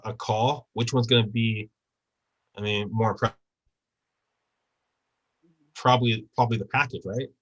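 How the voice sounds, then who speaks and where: A man's voice: mid-range voice, rough recording. A man giving a casual real estate training talk over a video call, often checking in with tag questions.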